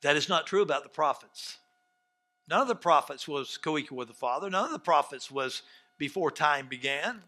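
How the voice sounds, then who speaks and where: A man preaching a sermon as pastor, swinging from soft asides to shouted outbursts and acting out quoted dialogue. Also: on the high side, expressive, moderate pace. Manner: acts out quoted dialogue in scenes.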